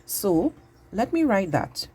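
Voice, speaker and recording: A woman teaching a patient, exaggerated grammar lesson to young children, speaking slowly and clearly. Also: mid-range voice, sing-song, a little mellow.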